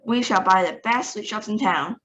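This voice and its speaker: A woman's voice: medium pitch, normal speed, a bit bright, muffled recording, a little hiss or hum, close to an everyday voice. A woman reading aloud, voicing a crowd of eager, fawning witches chanting together.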